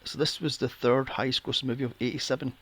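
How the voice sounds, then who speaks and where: A man's voice: medium pitch, fairly even intonation, fast talker, fairly bright tone, slightly rough. A man hosting a casual film review podcast, sarcastic and swearing freely. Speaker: podcast host.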